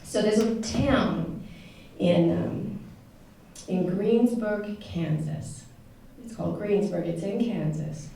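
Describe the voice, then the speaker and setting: A woman's voice: on the low side, takes it slowly, mellow. A woman tells a personal story to an audience in a conversational, heartfelt way, with many fillers and self-corrections. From United States. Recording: echoey room, voice picked up from a distance with some noise.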